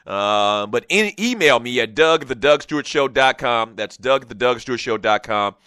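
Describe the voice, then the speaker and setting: A man hosting a casual sports talk show, animated and chatty, talking straight to his listeners. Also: medium pitch, moderate pace, clean tone, dry recording.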